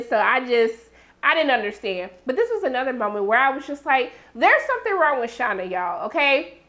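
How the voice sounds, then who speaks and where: A woman giving a sassy, animated TV episode recap, yelling in bursts and acting out characters' lines, with a sore throat. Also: high-pitched, a little fast. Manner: sassy, loud outbursts, acts out characters. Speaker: TV recap reviewer.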